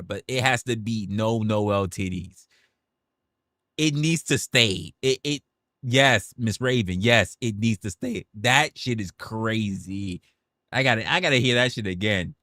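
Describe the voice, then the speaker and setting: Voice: medium pitch, sharp tone, dry recording, clean studio sound. A livestreamer chatting casually with viewers, swearing, laughing and exclaiming.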